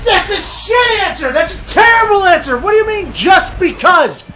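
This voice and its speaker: A man's voice: a little high, normal speed, slight background noise, close to an everyday voice. A man voicing a fed-up male caller who complains about life in a bewildered, profane way. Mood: outraged.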